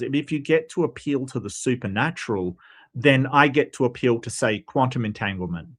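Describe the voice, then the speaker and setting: A debate reviewer talks through the reasoning of a debate in casual commentary, laying out his argument step by step with plenty of fillers. His medium-pitched voice is animated and a bit bright, at a moderate pace.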